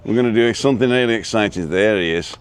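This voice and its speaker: A man's voice: on the low side, fast, clear, resonant tone. A man hosting a live walking show outdoors, chatting casually, cracking jokes and reading out viewer names. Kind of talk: casual live-stream chat. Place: outdoors on a street in a seaside town.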